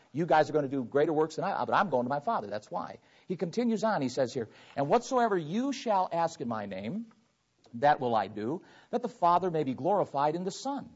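Guy preaching a sermon, reads verses then explains them, kinda high voice. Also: breathy edge. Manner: animated preaching, reads scripture aloud and explains it. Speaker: pastor. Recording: dull lo-fi sermon recording.

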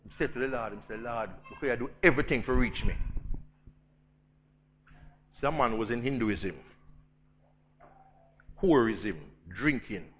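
A man with a Jamaican accent preaching a storytelling sermon, swinging between loud emphasis and hushed intensity. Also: mid-range voice, unhurried, pauses often, dull audio, faint music behind.

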